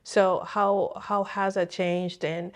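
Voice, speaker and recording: Gentle woman interviewer asking questions. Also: medium pitch, level tone, takes it slowly. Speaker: interview host. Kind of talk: casual interview conversation.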